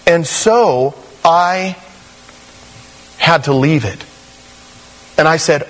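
A man preaching a sermon, telling personal stories and acting out quoted voices with animated swings between a high and a low voice. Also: extremely slow, pauses often. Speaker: pastor.

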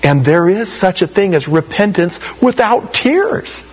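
Animated man preaching a sermon. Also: sits high, unhurried, breathy edge, low-quality recording. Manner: animated storytelling, acts out quoted voices, laughs at his own stories. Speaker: pastor.

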